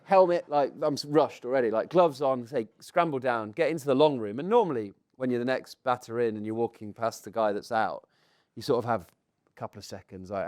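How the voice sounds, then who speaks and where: A man, middle in pitch, tells a story in front of a live audience. He acts out the lines of the people in it and laughs his way through. His voice sounds close and dry, with little room to it. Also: brisk, dry recording. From England. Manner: lively anecdote-telling with acted-out quotes and laughter. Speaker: podcast co-host telling a cricket story.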